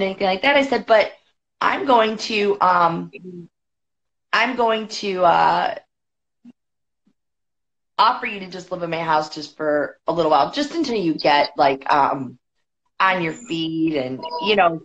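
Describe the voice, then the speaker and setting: A woman guest on a podcast, telling a story in a chatty, quick way with many fillers. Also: fairly low pitch, fairly bright tone. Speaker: podcast guest, boxing federation executive. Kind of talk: casual storytelling. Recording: dull lo-fi podcast audio.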